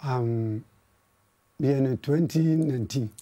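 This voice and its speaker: Ghanaian male musician guest, husky, mellow, laid-back. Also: mid-range voice, slow. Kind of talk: casual interview chat.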